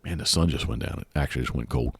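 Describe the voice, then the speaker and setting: Male podcast host, very low voice, dry close sound, loose rambling chat. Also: rapid-fire, vocal fry, fairly bright tone, slightly rough, no echo. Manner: rambling, many restarts and fillers. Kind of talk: casual chat.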